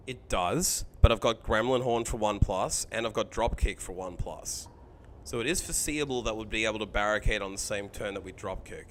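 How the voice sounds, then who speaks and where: A man streaming a card game live, thinking out loud about his choices, chatting with viewers and swearing freely. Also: on the low side, slight background noise.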